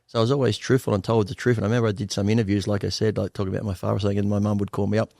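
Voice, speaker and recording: A man's voice: on the low side, level tone, rapid-fire, creaky, mellow, no echo, clean studio sound. An Australian man in his fifties telling candid stories as an interview guest, blunt and profane, often laughing. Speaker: guest bodybuilder.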